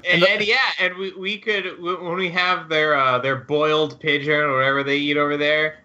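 A man with a bright, forceful voice and a slightly raised pitch, riffing wryly in a casual comedic chat. The audio is somewhat dull and lo-fi. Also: steady tone, normal speed. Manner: riffing, joking, wry.

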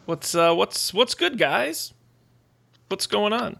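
Upbeat guy hosting a tech podcast, kinda high bright voice, jokey and chatty. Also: expressive, slow, gravelly. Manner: upbeat, joking. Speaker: podcast host. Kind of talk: casual tech podcast chat.

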